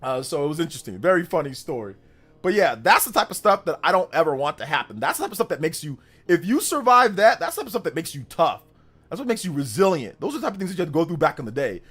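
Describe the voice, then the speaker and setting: A man in his thirties, hosting a livestream and telling a childhood story in a casual, animated way. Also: fairly high pitch, fast talker, slightly rough. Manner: animated, with exaggerated voices for quoted people. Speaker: livestream host.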